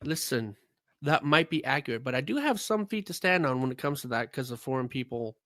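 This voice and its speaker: A man's voice: mid-range voice, big pitch swings, fairly quick, fairly bright tone, no echo. A man hosting a casual gaming podcast, reading news notes aloud and joking. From United States. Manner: jokey, reads notes aloud with frequent laughs.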